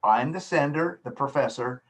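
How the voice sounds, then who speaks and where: A man's voice: mid-range voice, moderate pace, a bit bright. A man teaching a class as professor over a video call, patiently explaining with simple everyday examples. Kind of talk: online lecture. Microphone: computer mic on a video call.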